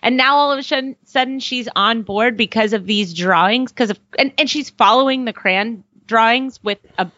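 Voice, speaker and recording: A woman co-hosting a casual TV recap podcast, ranting with animated exasperation. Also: on the high side, moderate pace, hardly any pauses, no echo, highs cut off. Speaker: podcast co-host.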